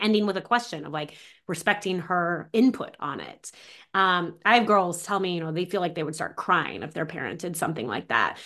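A woman guest on a podcast speaks at a middle pitch, chatty and animated. She jumps into quoted voices and keeps a loose, conversational flow full of fillers. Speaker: author and mentor of teen girls, guest.

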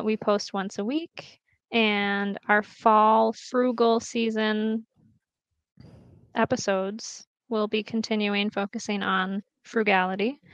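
A woman's voice: mid-range voice, a bit bright, smooth, no echo, highs cut off. A woman co-hosting a podcast, playful and teasing as she wraps up the show. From New York. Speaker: podcast co-host. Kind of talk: casual chat.

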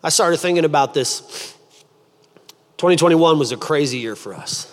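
A man preaching a sermon as a pastor, telling stories in an animated way and acting out the voices of the people in them. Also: fairly high pitch, normal speed. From United States. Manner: animated storytelling, acts out voices. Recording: long hall reverb.

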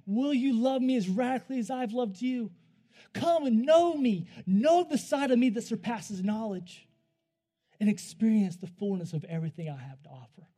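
A man's voice: extremely high pitch, normal speed, mellow. A man preaching voices God as a tender lover pleading to be known. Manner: earnest, pleading.

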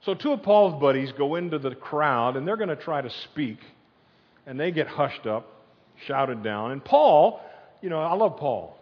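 A man preaching a sermon as pastor, telling the story in a lively, conversational way and leading the crowd in chants. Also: on the high side, a little slow. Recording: dull sound in a long-echo hall.

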